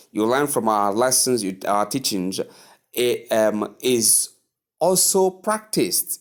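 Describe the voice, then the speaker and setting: A man teaching English pronunciation, repeating each word several times and giving patient advice. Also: medium pitch. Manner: slow, repetitive drilling of words; patient, advising tone.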